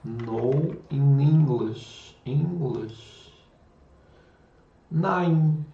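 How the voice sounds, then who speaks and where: A man hosting a casual livestream, musing slowly and trying out words aloud. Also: mid-range voice, gravelly. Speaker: livestream coding host. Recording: echoey room, dull lo-fi sound.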